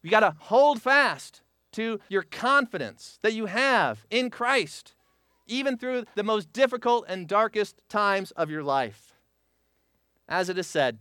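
A man's voice: high-pitched, animated, unhurried, bright, forceful tone, clean tone, no room sound, studio quality. A man preaching a sermon as pastor, driving his points home with short repeated exhortations that rise and fall in emphasis.

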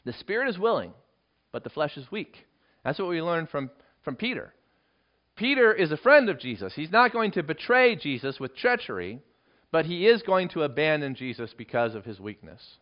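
A man preaching an expository sermon, working through a passage verse by verse and acting out the quoted lines with lively emphasis. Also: normal speed. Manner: animated, acts out quoted lines with rising pitch. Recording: dull lo-fi recording.

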